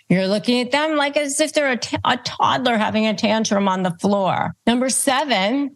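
A woman hosting an advice show, calmly teaching phrases and acting them out as examples. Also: medium pitch. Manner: calm, instructive, demonstrates phrases aloud. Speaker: host. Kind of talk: advice talk to camera.

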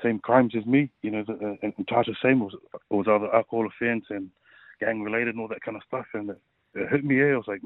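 A man in his thirties, a rugby league player, telling his personal story in a casual interview, halting and full of fillers. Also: on the low side, steady tone, no echo. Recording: tinny phone-like line.

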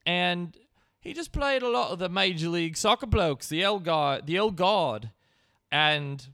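Man playing an excitable English football fan, put-on English accent that drifts around, bright and crisp, rambling chatter. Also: high-pitched, unhurried, dry recording, studio quality, voice pushed up, exaggerated voice. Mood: excited. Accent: put-on English, wandering between regions.

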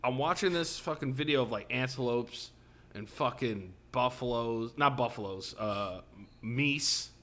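Young man, mid-pitched voice, podcast co-host, swears a lot, jokey banter. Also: a little slow, fairly bright tone. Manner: loose, profane, jokey banter. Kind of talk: casual chat.

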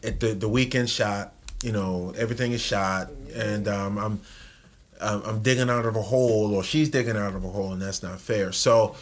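Low-pitched male co-host, measured and reflective, casual podcast chat. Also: steady tone.

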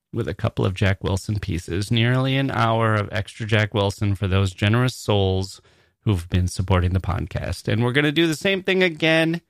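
A man hosts a podcast and reads listener mail aloud, slipping in wry jokes. His voice sits on the low side. The recording is close and dry with no room sound. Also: gravelly, a bit bright, no echo. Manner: wry, joking asides. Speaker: podcast host.

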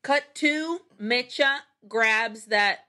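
A woman co-hosting a podcast, recapping a film in casual chat, animated and profane, acting out the characters' lines. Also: a little high, very slow. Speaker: podcast co-host.

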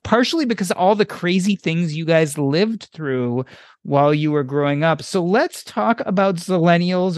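A man's voice: on the high side, no room sound, clean studio sound. A man hosting a podcast interview, asking questions with enthusiastic, emphatic repetition. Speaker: podcast host.

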